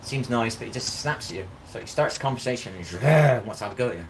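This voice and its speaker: A man's voice: mid-range voice, very fast, slight background noise. A man talking in a rambling, casual live-stream monologue, constantly asking "do you know what I mean". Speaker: vlogger. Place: outdoors in a park.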